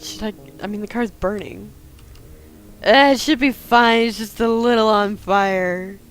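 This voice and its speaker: Woman let's-player, blunt and profane, reads game text quickly. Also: medium pitch, clean tone. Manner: profane, frequent swearing outbursts; reads narration quickly and flatly. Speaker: gamer. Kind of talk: let's play commentary, reading game text aloud.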